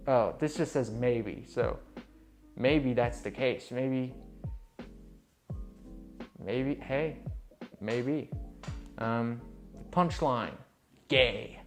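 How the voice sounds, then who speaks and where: A man's voice: medium pitch, drawn-out words, long pauses, faint music behind. A man hosting a video, giving rambling, mocking commentary full of fillers and trailing asides. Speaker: video host reviewing books. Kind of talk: casual sarcastic commentary.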